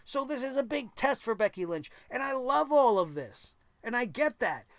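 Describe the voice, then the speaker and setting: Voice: mid-range voice, big pitch swings, normal speed, no room sound. A wrestling show host giving an exasperated, sarcastic recap rant, swearing freely and firing off incredulous questions. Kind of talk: ranting wrestling recap commentary.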